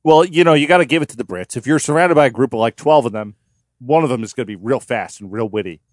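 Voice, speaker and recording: A man co-hosting a comedy podcast, making wry, deadpan jokes in casual banter. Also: medium pitch, fast talker, dry recording, studio quality. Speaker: podcast co-host.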